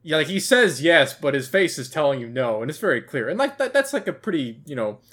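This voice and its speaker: A man chatting casually about a film on a podcast, animated, stumbling over restarts. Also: on the high side, fairly quick. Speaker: podcast co-host. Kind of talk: casual movie review chat.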